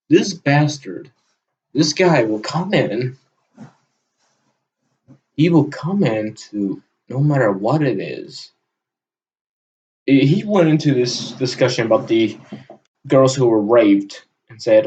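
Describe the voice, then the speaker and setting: A man delivering a heated, profane solo rant with sudden loud bursts. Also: medium pitch, lively intonation, slow, pauses often. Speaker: channel host. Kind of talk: solo ranting monologue. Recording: dull lo-fi recording.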